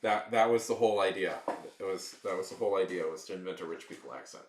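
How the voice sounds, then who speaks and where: A man with a fairly low voice chats loosely with his live-stream viewers. He rambles and trails off with fillers as he goes. The room around him adds a noticeable echo. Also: fast talker, a little hiss or hum. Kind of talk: casual live-stream chat.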